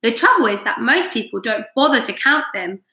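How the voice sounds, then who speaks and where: A woman's voice: fairly high pitch, animated, a little fast, pushed and bright. A woman voicing a grumbling, contrary blind male earthworm. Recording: roomy echo.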